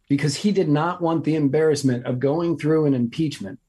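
A man with a husky, mellow voice co-hosts a chatty podcast. He explains events step by step in a measured way and slips in wry asides. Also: on the high side, steady tone. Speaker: podcast co-host. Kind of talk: casual political comedy chat.

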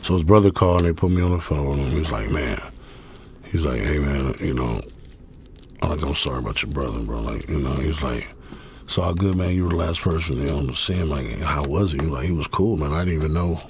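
A man's voice: very deep voice, fast talker, husky. A man guest telling a long story in a laid-back, profane way, full of fillers. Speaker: interview guest. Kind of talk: casual storytelling.

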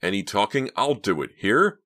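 A man's voice: sits low, big pitch swings, a little fast, a bit bright, voice pushed up. A man voicing a big, menacing security guard who bellows orders. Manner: bellowing, threatening.

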